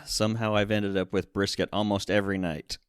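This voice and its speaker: A man with a very low voice co-hosts a podcast, making dry jokes. His voice sounds close and dry, with no room echo. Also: flat delivery, brisk, smooth. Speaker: podcast co-host. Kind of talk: casual podcast chat.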